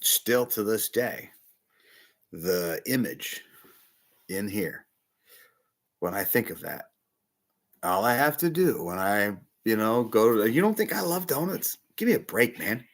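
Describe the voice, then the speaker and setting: A middle-aged man, a bishop, preaching a sermon with emotional personal testimony, talking in a confiding, animated way. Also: on the low side, a little slow, pauses often.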